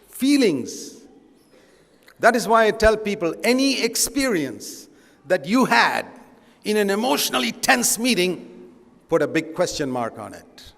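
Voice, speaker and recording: A man's voice: sits high, creaky, fairly bright tone. An older man preaching a sermon in an earnest, conversational way with emphatic stresses. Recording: long hall reverb.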